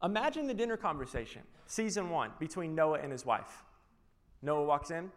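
Animated male pastor preaching in a large church. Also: on the high side, moderate pace. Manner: animated, acting out scenes and quotes. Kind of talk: sermon. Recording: long reverb of a large church.

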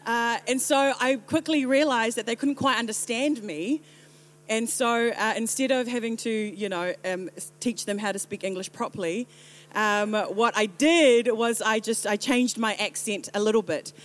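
A woman in her thirties with a New Zealand accent, preaching a lively, joking sermon as a pastor. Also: on the high side, moderate pace. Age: 30s. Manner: lively and joking, with playful impressions.

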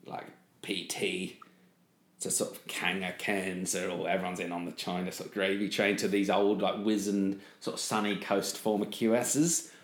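A man's voice: low voice, little pitch movement, moderate pace. A man co-hosting a casual podcast, talking in a rambling way with many fillers and casual swearing. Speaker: podcast co-host. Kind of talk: casual chat. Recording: roomy echo.

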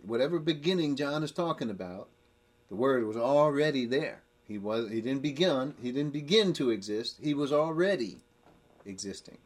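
A man teaching verse by verse through a Bible passage, explaining slowly and then building to emphatic points. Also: medium pitch.

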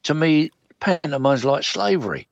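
A gravelly, husky older man spins chatty showbiz anecdotes, slipping into the voices of the people he quotes. His voice sits a little high, and the recording is dry and dull. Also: expressive, normal speed, no echo. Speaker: guest actor. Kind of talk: casual anecdotal chat.

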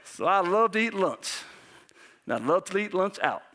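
A man preaching a sermon as pastor, animated, who keeps asking the congregation questions and sometimes drops to a hushed near-whisper. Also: high voice, normal speed.

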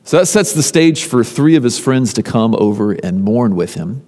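A man preaching a sermon, retelling a story conversationally with emphatic lists and pauses. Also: medium pitch, lively intonation, mellow. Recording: long reverb of a large hall.

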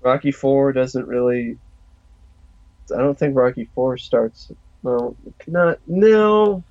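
A man co-hosting a podcast, chatting in a relaxed, easygoing way. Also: medium pitch, slow, no echo. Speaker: podcast co-host. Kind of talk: casual podcast chat. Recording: dull, dry lo-fi sound.

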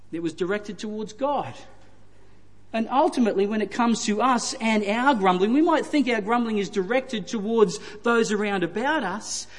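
A high-voiced man delivers a sermon, leaning on repetition for emphasis. His voice carries a long hall reverb around it. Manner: retelling scripture with emphatic repetition. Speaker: preacher.

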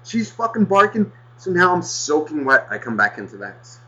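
A man rants through a long story with a bright, forceful voice, swearing every few words. He rambles and restarts as he talks to his co-host. The audio is muffled and lo-fi. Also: fairly high pitch, normal speed, hardly any pauses. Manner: animated, swears constantly, rambling. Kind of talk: casual profane storytelling.

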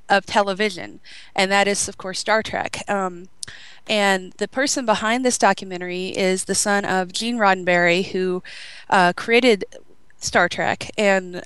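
Woman radio host, chatty and bubbly, smooth clear voice, dry close sound; casual, filler-heavy talk. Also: medium pitch, a bit bright, no echo, low-quality recording. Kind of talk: casual podcast chat.

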